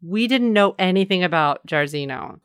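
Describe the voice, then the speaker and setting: Low-voiced teasing woman co-host. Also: lively intonation, moderate pace, clear, resonant tone, no room sound, studio quality. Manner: teasing, playful. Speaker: podcast co-host. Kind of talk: casual chat.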